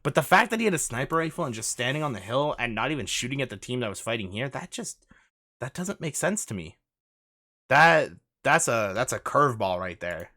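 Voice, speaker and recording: A man's voice: mid-range voice, sing-song, fairly quick, sharp tone, dry recording, studio quality. A man coaching over gameplay footage, urgent and insistent, repeating his instructions and pleading with the player. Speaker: gaming coach.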